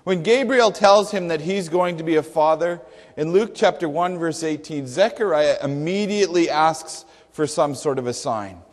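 A man's voice: fairly high pitch, normal speed. A male pastor preaching a sermon emphatically, with rhetorical questions and dry humor. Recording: long hall reverb.

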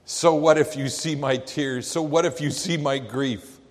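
A man's voice: fairly high pitch, fairly even intonation. A man preaching a sermon, in an earnest and reflective way. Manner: slow, earnest, reflective delivery. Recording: long hall reverb.

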